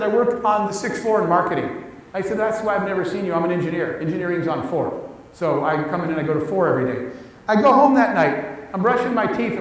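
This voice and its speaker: A high-voiced man tells his story on stage, animated and quick to act out every character he quotes. His voice rings around a big, reverberant hall. It sounds as if it was picked up from a distance. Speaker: keynote speaker. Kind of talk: storytelling speech. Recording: echoey hall, mic at a distance.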